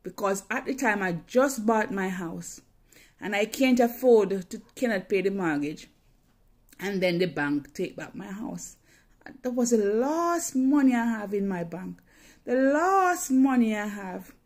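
A woman's voice: medium pitch, animated, unhurried. A woman telling a personal story in a dramatic, emotional way, often repeating phrases.

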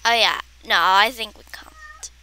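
A woman giving excitable, dramatic commentary while playing a game, with playful exaggeration and frequent gasps. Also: fairly high pitch, unhurried. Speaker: gameplay streamer. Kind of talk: casual gameplay commentary.

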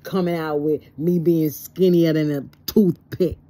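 Stressed woman vlogger, low husky dark voice, emotional and plainspoken. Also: steady tone, measured pace. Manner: emotional, plainspoken, acts out both sides of conversations. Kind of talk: personal monologue to camera.

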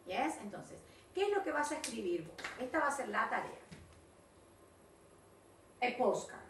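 Animated, high-voiced woman teaching English. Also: normal speed. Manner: animated, coaxing, repeats words. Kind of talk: online class, mixing English and Spanish. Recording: echoey room, mic at a distance, faint noise.

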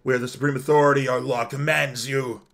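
Brief: man voicing a cornered angel councilman, shrill and stammering, bright tone. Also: fairly even intonation, fast talker, creaky. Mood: panicked pleading. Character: panicked male angel council member, desperate.

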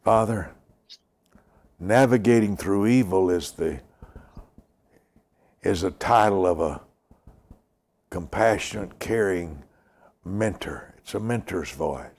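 An older man preaching and praying, slow and emphatic, repeating lines and dropping to a whisper. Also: low voice, darkish tone. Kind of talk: sermon with prayer.

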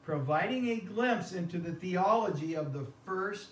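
A man's voice: high voice, animated, moderate pace. Man preaching in an echoey church. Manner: conversational, asks the congregation questions. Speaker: pastor. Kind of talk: sermon. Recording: echoey room from a distance.

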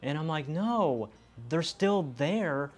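A man's voice: a little high, expressive, slow. A man earnestly making his case in a documentary interview. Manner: earnest, insistent. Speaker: VHS collector interviewee.

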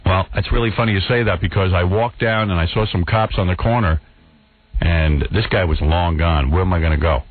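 A man's voice: brisk, no echo. A male radio host telling an exasperated story in a casual talk-show chat, acting out what people said. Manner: exasperated, acts out quotes in a higher voice. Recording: phone-like narrow radio sound.

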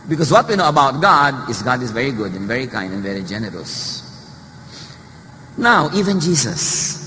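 A man's voice: mid-range voice, pushed and bright. A man with a Filipino accent preaching a sermon, mixing English and Tagalog and acting out the voices in the stories he tells. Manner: switches between English and Tagalog, acts out quoted voices. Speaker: pastor. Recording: long hall reverb with faint noise.

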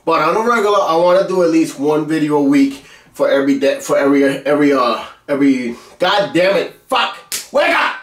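Brash cursing man with a high voice. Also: fairly quick. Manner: brash, boastful, heavy cursing, mock-angry outbursts. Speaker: web series host. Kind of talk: profane comic rant to camera. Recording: roomy, distant from mic.

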